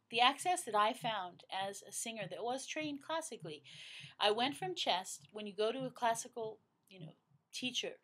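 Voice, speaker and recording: A middle-aged woman teaching singing, explaining vocal registers slowly and breaking into loud sung exercises. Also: mid-range voice. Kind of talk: vocal lesson with sung demonstrations.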